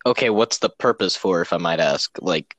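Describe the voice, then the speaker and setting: A man's voice: deep voice, expressive, moderate pace, a bit bright, dry recording. A young man in casual chat, rambling and easily sidetracked as he explains things.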